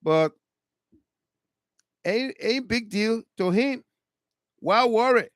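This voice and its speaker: A man's voice: high-pitched, animated, slow, no echo, studio quality. A man hosting a radio talk show, delivering a mocking political monologue and repeating his questions.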